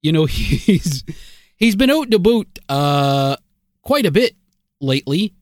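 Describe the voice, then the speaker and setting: A man co-hosting a podcast in casual comedic banter, with dry jokes and halting fillers. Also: fairly high pitch, very animated, no echo. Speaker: podcast co-host.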